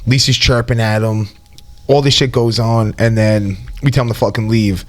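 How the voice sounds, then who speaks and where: A man co-hosting a podcast, telling a wild story in a casual, profane, animated way. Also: fairly low pitch, moderate pace. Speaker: podcast co-host.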